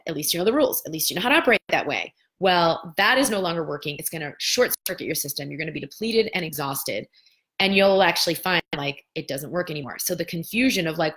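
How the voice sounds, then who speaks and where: Her pitch fairly low and her delivery a little fast, a woman in her thirties responds to viewer questions in an informal spiritual coaching chat. She's expressive and plays out the doubters' voices.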